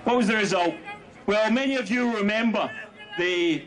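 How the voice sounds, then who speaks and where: A man giving a rally speech as a union speaker, shouting slogans with rhetorical fire. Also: high-pitched, normal speed, crowd noise. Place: outdoor street rally. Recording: noisy outdoor rally audio.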